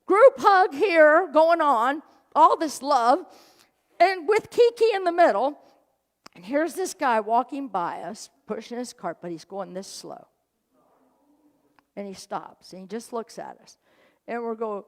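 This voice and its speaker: A woman's voice: very high voice, sing-song, slow pace. A woman minister giving a sermon, telling a story with jokes and acting out the people she quotes. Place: church sanctuary. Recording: hall reverb.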